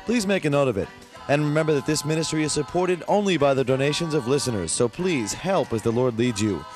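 A man's voice: a little high, animated. Male radio announcer over faint music. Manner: clear, measured read of contact details. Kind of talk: scripted announcement.

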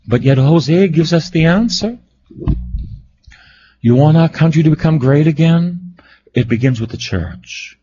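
A man preaching an impassioned sermon, repeating phrases and swinging between loud cries and low, heavy tones. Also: animated, moderate pace, slight background noise. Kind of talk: fiery sermon. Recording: dull lo-fi recording.

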